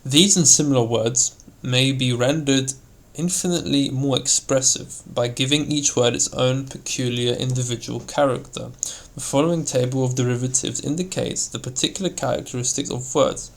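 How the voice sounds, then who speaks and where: A man reads aloud from an old textbook on elocution, taking his time over every phrase. His voice is gravelly and his pace unhurried. He gives the sample words their own sound as he lists them. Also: medium pitch, a bit bright. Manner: slow deliberate reading, acting out example words. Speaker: reader of an old elocution text. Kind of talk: scripted reading aloud.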